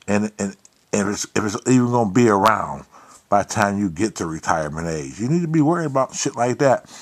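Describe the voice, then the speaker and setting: A man hosting his own talk show, giving a blunt, profane, preachy monologue. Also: on the low side. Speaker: podcast host. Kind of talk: casual monologue.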